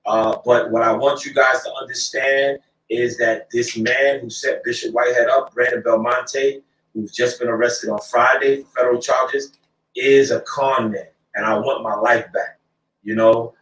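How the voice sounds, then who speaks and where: A man's voice: mid-range voice, steady tone, normal speed, fairly bright tone, echoey room, recorded from a distance, low-quality recording. A man speaking emphatically to listeners, repeating phrases and using many fillers. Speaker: clergyman speaking out. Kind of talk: speech to a crowd.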